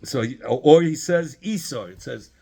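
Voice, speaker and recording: A man's voice: on the high side, animated, a little slow, vocal fry, mellow, husky. A man teaching a Talmud study lesson, explaining by repeating phrases and asking questions, mixing in Hebrew and Yiddish terms.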